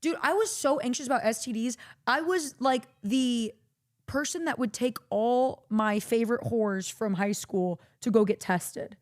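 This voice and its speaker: A woman's voice: a little high, measured pace. A young adult woman from Texas, a streamer host telling candid stories in casual chat, swearing freely. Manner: candid, swearing, animated storyteller. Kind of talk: casual chat, story time.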